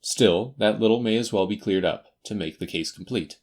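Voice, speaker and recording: A man voicing a confident, faintly teasing detective in a crisp, assured manner for an audiobook. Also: lowish voice, moderate pace, darkish tone, close to an everyday voice. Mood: stern. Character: brisk, confident male detective. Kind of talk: audiobook character voice.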